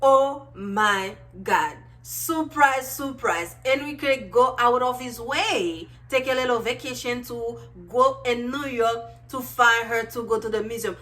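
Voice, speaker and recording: A woman's voice: a little high, unhurried, few pauses. Bubbly young woman gushing about a movie. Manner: gushing, animated, many fillers and exclamations. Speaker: vlogger reviewing a movie. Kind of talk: excited casual movie review.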